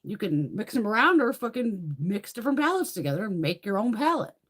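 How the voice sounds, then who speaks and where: A woman's voice: medium pitch, sing-song, a little fast, a bit bright, breathy edge. A middle-aged woman hosting a casual beauty livestream, chatting freely, swearing often and laughing between thoughts. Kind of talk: casual live chat.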